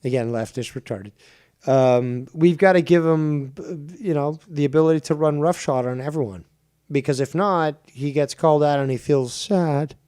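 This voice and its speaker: A man's voice: on the high side, moderate pace, warm tone, clear, resonant tone. A man hosting a heated podcast debate, ranting with emphatic swearing. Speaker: show host.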